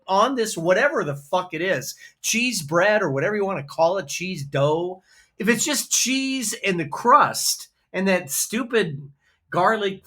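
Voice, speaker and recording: A man ranting about frozen food from his home kitchen, swearing freely as he complains. His voice is bright and forward, and his pitch swings up and down as he grumbles. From Midwest US. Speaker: food reviewer. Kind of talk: casual food review vlog.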